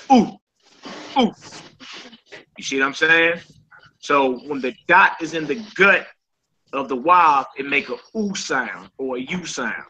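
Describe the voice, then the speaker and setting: A man's voice: mid-range voice, pushed and bright, dull audio, a little hiss or hum. A man teaching a Hebrew class in an informal, conversational way, often checking in with his students. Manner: informal, repeats "you know what I'm saying".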